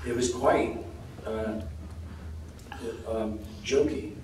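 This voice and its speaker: Relaxed American man in an echoey hall. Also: lowish voice, very slow. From United States. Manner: relaxed, self-deprecating, laughs often. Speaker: actor guest on a convention panel. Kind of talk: convention panel Q&A. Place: large convention hall with audience. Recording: very echoey hall from far off, noisy.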